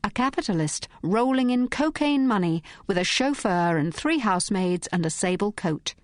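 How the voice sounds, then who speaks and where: A woman reading as a crisp, fearless lady detective. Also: medium pitch, animated, moderate pace, no room sound, studio quality, voice pushed up, close to an everyday voice. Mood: persuasive. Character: glamorous fearless young woman detective, sharp-witted.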